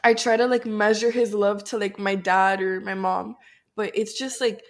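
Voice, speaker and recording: Young woman with a congested voice, excitable podcast co-host, earnest and slangy. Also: medium pitch, normal speed, faint music behind. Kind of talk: casual faith podcast chat.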